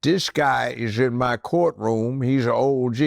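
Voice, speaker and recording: Older ex-judge, gravelly, dry close sound, animated storyteller. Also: male voice, medium pitch, unhurried, hardly any pauses, no room sound. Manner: animated storyteller acting out other voices. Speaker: former judge, guest. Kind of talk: storytelling interview.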